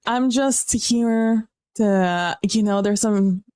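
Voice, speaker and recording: A woman's voice: medium pitch, extremely slow, a little mellow, clear, resonant tone, voice pushed up. A woman voicing a breezy female diplomat who acts innocent, in an airy, flirtatious tone. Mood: coy.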